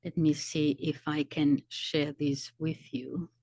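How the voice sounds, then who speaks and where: Slow, low-voiced woman commentator. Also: little pitch movement, a little mellow, no room sound. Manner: slow, explanatory, searching for words. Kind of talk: commentary video.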